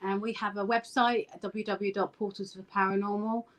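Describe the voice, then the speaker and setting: A woman's voice: mid-range voice, level tone, normal speed, a crowd in the background. A woman, a guest chatting and teasing her friend about their paranormal team. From southern England. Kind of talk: casual chat over video call.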